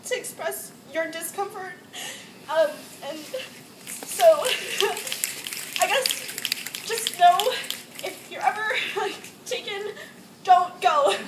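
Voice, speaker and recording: A high-voiced young woman from Hawaii tells her personal story as a student speaker before a crowd. Her casual, emotional delivery includes frequent "like" and nervous laughs. The recording comes from a distant mic in an echoey indoor campus room, with noise in the background.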